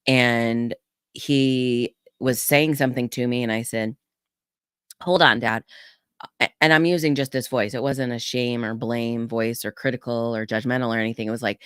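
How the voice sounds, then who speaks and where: Woman coach on a podcast telling her own story, earnest, smooth clear voice, dry close sound. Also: no echo. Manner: earnest storytelling, acts out quotes with animated pitch jumps. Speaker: podcast guest, communication coach. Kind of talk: candid podcast conversation.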